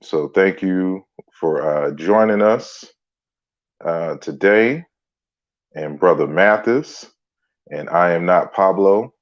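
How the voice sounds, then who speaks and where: A man hosting a relaxed livestream lecture, greeting viewers by name as he talks. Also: low-pitched, takes it slowly, long pauses, dull audio. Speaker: livestream host and author. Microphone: computer mic on a stand.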